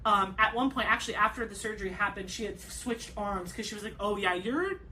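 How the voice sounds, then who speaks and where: A woman's voice: medium pitch, brisk, sharp tone. A young woman hosting a craft channel, telling a personal story in a chatty way full of "like" and restarts. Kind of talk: casual chat, telling a birth story.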